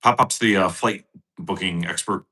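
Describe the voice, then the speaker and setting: A man's voice: sits low, moderate pace, bright, forceful tone. A man co-hosting a podcast in casual chat, mostly giving brief agreeing replies. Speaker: podcast co-host.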